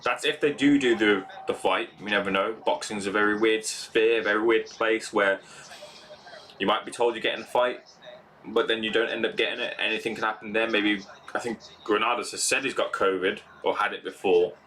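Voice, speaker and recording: Young male streamer, low forceful voice, rambling casual chat. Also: fairly even intonation, fairly quick. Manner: rambling, chatty, many fillers. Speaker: live stream host. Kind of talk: casual live reaction stream.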